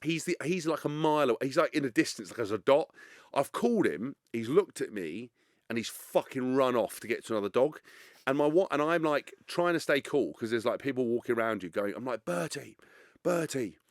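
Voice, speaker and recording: Fast-talking man telling a story. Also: mid-range voice, no echo, studio quality. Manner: animated, swears freely, acts out quotes in other voices. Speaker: podcast guest. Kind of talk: casual storytelling chat.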